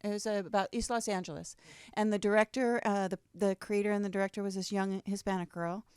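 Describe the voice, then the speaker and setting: A woman's voice: medium pitch, steady tone, fast talker, a little mellow, clear, resonant tone, no echo. Woman talk show host, chatty and giggly, mid-range voice, dry studio sound. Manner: giggly, chatty, jumps in with quips. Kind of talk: casual chat. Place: radio studio.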